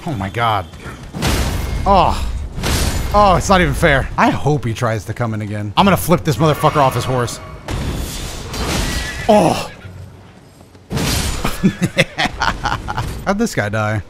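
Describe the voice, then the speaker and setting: A young man talks his way through a video game in loose, profane commentary. His voice jumps up and down as he gets excited and trash-talks enemies. Faint game music runs behind him. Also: mid-range voice, slow pace, pauses often. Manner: excitable, profane, trash-talking, laughing often. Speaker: gaming channel host. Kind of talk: casual let's play commentary.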